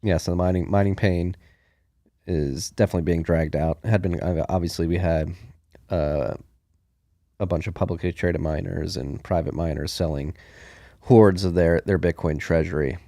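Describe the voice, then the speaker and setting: Deep gravelly laid-back man. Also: moderate pace, no echo, clean studio sound. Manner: relaxed, thinking aloud with many fillers. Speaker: podcast co-host. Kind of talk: casual news chat.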